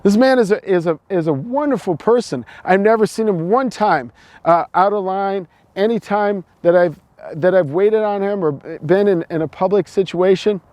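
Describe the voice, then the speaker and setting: Man, high-pitched, dry close sound, preachy monologue, stumbling restarts. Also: normal speed, darkish tone, dry recording. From United States. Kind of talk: opinion monologue.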